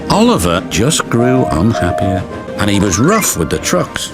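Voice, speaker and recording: A man's voice: fairly low pitch, wildly swooping pitch, measured pace. A man narrating a children's storybook, with music behind. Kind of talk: storybook reading. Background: background music.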